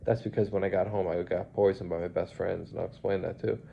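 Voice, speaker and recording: A man's voice: low-pitched, flat delivery, fast, vocal fry. A man rambling through an agitated personal monologue, swearing now and then. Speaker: vlogger. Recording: lo-fi recording with faint hiss.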